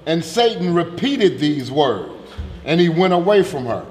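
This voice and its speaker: A man's voice: fairly high pitch, very animated, measured pace, a little mellow, roomy sound, long reverb tail, slight background noise. A man reading scripture aloud steadily. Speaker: scripture reader.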